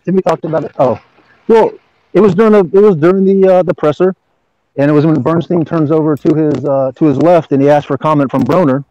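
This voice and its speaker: Profane excitable man on a dull call line. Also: fairly high pitch, brisk, no echo. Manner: excitable, profane, rambling retelling. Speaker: podcast co-host calling in. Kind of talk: casual chat.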